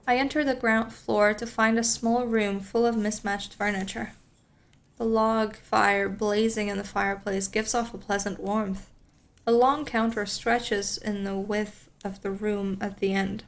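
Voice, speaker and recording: A woman's voice: mid-range voice, flat delivery, unhurried. A woman streamer reading a story game aloud, with chatty, rambling asides.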